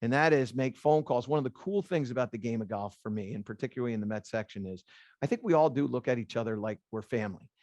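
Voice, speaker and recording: A middle-aged man, a golf instructor, speaking to a room of golf teachers as an animated storyteller who repeats phrases for emphasis. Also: medium pitch, fast talker, no room sound, clean studio sound.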